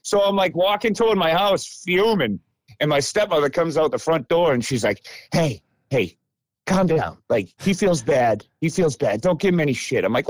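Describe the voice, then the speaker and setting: A man in his thirties tells a story on a podcast, cursing freely and acting out every quote. His voice sits fairly high for a man and swings widely in pitch. The recording is dry and close. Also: lively intonation, moderate pace, no echo. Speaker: podcast host. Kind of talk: casual storytelling chat.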